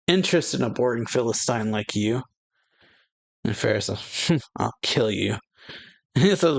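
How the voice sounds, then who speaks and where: A man's voice: medium pitch, lively intonation, slow pace, creaky, long pauses. A man reads manga dialogue aloud for his reaction channel, and his voice sits in the middle range. He jumps up a little for the characters' lines and laughs between them, in a loose, casual way.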